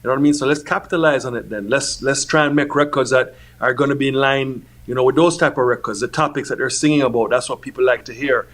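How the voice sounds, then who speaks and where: A man's voice: medium pitch, steady tone, fast, few pauses, a bit bright. Easygoing man filling in with "you know". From Jamaica. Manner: easygoing, peppered with "you know what I mean". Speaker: music producer guest. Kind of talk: casual interview answers.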